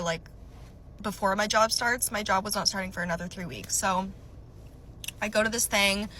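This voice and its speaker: A young woman casually recounting a personal story for a storytime vlog, animated and chatty with many filler "likes". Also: medium pitch, a little hiss or hum, poor audio.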